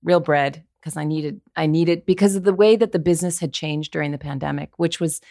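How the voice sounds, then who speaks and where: A woman's voice: low voice, fairly quick, mellow, no room sound, clean studio sound. A woman voiceover actor, a guest on a podcast, talking in a candid, earnest way as she thinks aloud. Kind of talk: casual interview chat.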